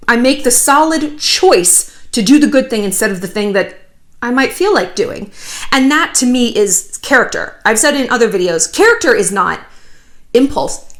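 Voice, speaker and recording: A woman in her thirties hosting a casual commentary vlog, chatty and animated with sarcastic asides. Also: fairly high pitch, normal speed. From United States. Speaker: YouTube commentary host.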